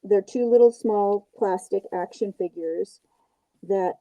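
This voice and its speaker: Working on a puppet during her crafting livestream, this older host chats easily, makes self-deprecating jokes and describes each step as she goes. She speaks slowly in a dark, mid-range voice over a low-quality recording. The stream begins on a porch outside before shifting to her workshop at home.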